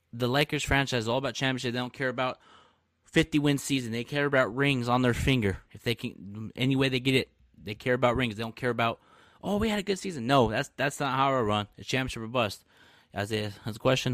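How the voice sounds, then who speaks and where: A man hosting a casual live-stream podcast, talking trash with brash, animated energy and frequent laughs. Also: medium pitch, fast talker, dry recording, studio quality. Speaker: podcast host.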